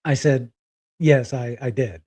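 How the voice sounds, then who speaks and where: A middle-aged man telling a personal story candidly, halting and close to tears. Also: medium pitch, a little mellow, no room sound. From Spokane, Washington. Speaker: guest.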